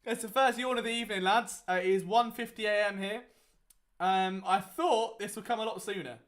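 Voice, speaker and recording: Brisk and high-pitched, a bit bright, with fairly even intonation, the young man leads a casual live watchalong. His game commentary wanders chattily and is thick with fillers.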